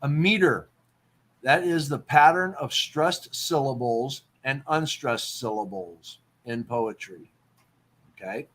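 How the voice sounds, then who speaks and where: A man's voice: medium pitch, takes it slowly, fairly bright tone. A man hosting a casual talk show, explaining poetry terms and checking in with "okay?" as he goes. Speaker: podcast host.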